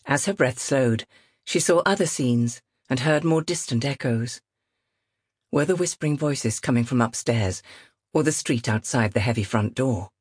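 A woman narrating a novel in a measured, expressive reading. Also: rumbling low, husky, no echo, studio quality. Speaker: audiobook narrator. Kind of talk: scripted narration.

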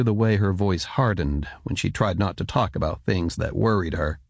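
A man narrating an audiobook in an even, measured storytelling manner on a close studio mic. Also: low-pitched, gravelly, no echo. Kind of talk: scripted narration.

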